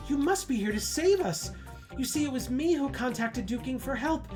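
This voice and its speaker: A woman's voice: sits high, expressive, moderate pace, music in the background, voice pushed up. A woman reading the lines of a worried guard who blocks the way and asks for care. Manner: earnest, worried.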